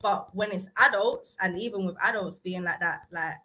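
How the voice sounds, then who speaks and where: A woman's voice: mid-range voice, normal speed, sharp tone, rough recording. A young woman, a radio guest chatting casually and rambling with lots of filler words. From South-East England. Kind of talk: casual chat. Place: radio studio.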